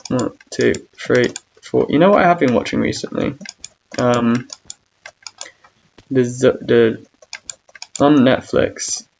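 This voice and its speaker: A young gamer rambles through his thoughts in a gravelly, mid-pitched voice, self-mocking about how awkward he is and drifting into hums between lines. The sound is dull and lo-fi, with faint keyboard clicks behind him. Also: slow pace, pauses often, darkish tone, a little hiss or hum. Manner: hums and sings between talk. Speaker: gamer streamer. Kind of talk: casual gaming commentary.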